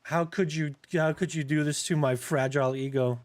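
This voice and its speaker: A man putting on the voice of a whiny male gamer with a fragile ego, in a mocking drawn-out whine. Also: fairly high pitch, fairly even intonation, pitched below the performer's own voice, lightly acted.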